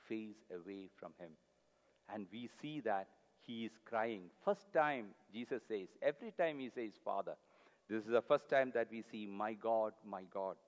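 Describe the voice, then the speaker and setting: A man preaching a sermon, earnest and pleading, repeating his key phrases for emphasis. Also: medium pitch. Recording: long hall reverb.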